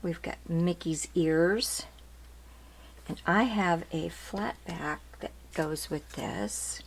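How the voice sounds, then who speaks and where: A woman's voice: lowish voice, takes it slowly, gravelly, a little hiss or hum. A woman hosting her craft channel, chatting casually as she shows ribbons one by one and keeps asking if they're cute. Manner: chatty, repeats details, asks "aren't they cute?". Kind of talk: casual product show-and-tell.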